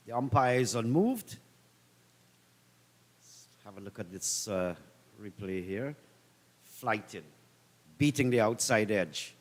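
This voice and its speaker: A man with a low voice calls the cricket in an easygoing, chatty manner. A long reverb trails behind his commentary. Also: expressive, slow pace, pauses often. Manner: easygoing, conversational analysis.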